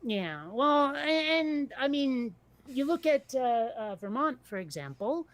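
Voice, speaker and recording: A high-pitched woman chatting casually as a co-host, blunt and given to swearing and quick laughs. Her voice is recorded close and dry, with no room sound around it. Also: big pitch swings, dry recording. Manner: blunt and profane, laughs often. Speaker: podcast co-host. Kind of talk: casual chat.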